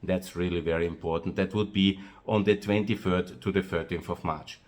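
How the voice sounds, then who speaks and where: A man with an Austrian-accented English voice that sits a little low. He talks in an unscripted, rambling way, pausing on "uh" and circling back to repeat himself. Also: fairly even intonation. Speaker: host of his own video channel. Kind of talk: monologue to camera.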